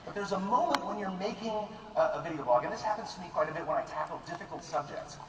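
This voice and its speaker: Animated man talking to a crowd in an echoey hall. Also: high voice, quick pace. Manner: animated, conversational, self-deprecating. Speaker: speaker addressing a live audience. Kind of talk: casual talk to an audience. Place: large room with a live audience. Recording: echoey hall, mic far off, noisy room ambience.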